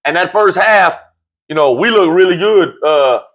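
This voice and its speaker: Guy hosting sports talk, high lively voice, jokes around, repeats himself a lot. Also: moderate pace. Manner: animated, jokey, repeats himself, voice jumps up high when excited.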